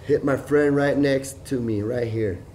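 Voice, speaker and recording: A man's voice: measured pace, a little hiss or hum. Profane, rambling middle-aged man. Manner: profane, repetitive and excitable, swinging between loud outbursts and low mutters. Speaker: vlogger. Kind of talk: rambling personal monologue.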